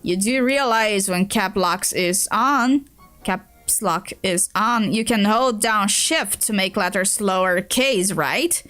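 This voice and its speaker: A woman's voice: mid-range voice, takes it slowly, fairly bright tone, soft background music. A woman streamer reading a web comic aloud in English, with dry, teasing narration. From Brazil.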